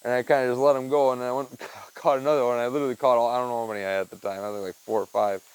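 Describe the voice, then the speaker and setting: A young man with a smooth, darkish, mid-range voice talks very fast in a level tone on a rough wearable-mic recording. Working on a chicken feeder in a backyard with a coop and tool bench, he vlogs casually and rambles, leaning on "dude" and "man."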